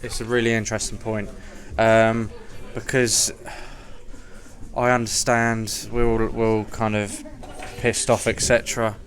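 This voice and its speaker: An English man on a fan panel, speaking in a measured, hesitant way. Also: lowish voice, flat delivery. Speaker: panel guest.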